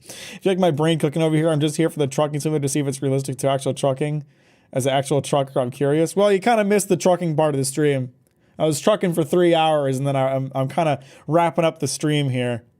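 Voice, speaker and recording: Streaming from home, a man chats casually with his viewers, reading their messages aloud while joking and swearing bluntly. His voice sits a little high, moves fast, and has a warm tone.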